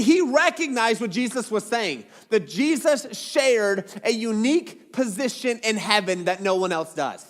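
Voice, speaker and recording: A man's voice: high voice, in a large hall. A man preaching a sermon as pastor, casual and joking, with dramatic retellings.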